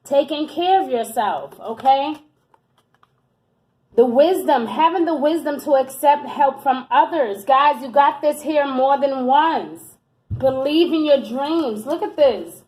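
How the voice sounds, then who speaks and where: A woman with a high, light voice reads tarot cards for her viewers. She talks in an affectionate, encouraging way and keeps checking in with "okay?" and "my love.". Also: slow, darkish tone, a little hiss or hum, poor audio. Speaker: tarot reader. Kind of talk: tarot reading monologue to camera.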